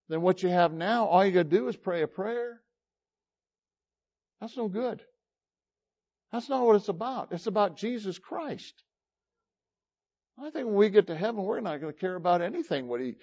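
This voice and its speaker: A high-voiced man preaches a sermon as if talking with his listeners, firing off rhetorical questions. He swings from loud emphasis to near-quiet asides. The sound is dull and lo-fi. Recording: dull lo-fi recording.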